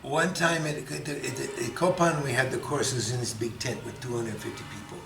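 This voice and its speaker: A man telling lively stories to an audience, imitating sounds and laughing often, with a pause after each line for an interpreter. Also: mid-range voice, vocal fry, over music. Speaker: Buddhist teacher telling stories. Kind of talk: storytelling talk with interpreter. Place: meditation centre hall. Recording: echoey hall, faint noise.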